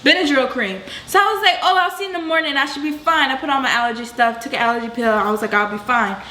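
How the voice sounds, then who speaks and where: A young adult woman telling a storytime vlog in a casual, slangy, animated way, full of exclamations. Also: high-pitched, quick pace, echoey room, a little hiss or hum. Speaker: vlogger.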